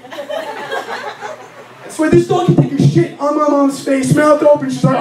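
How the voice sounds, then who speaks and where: A man's voice: very high voice, very animated, unhurried, pauses often, over music. Young man ranting crude stand-up. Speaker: stand-up comic. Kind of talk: stand-up comedy set. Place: comedy lounge. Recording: echoey club, distant mic, audience laughter.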